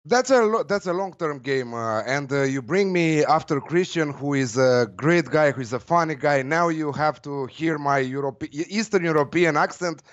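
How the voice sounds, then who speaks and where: A man's voice: a little high, normal speed, hardly any pauses, no echo, muffled recording. A man with a Romanian accent, a football betting tipster chatting casually and hesitantly, with many fillers. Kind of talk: casual chat.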